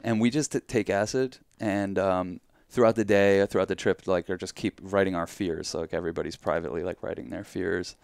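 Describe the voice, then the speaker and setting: A male podcast host with a deep, smooth voice talks in a loose, laid-back manner. The recording is close and dry, with no room sound. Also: fairly even intonation, fairly quick, few pauses, darkish tone, no echo. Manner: laid-back, reacts with short interjections. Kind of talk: casual chat.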